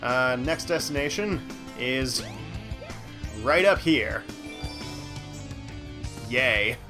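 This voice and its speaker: A man hosting a let's play, casually commenting on his gameplay with rambling, self-mocking asides. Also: medium pitch. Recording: game music playing underneath. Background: game music.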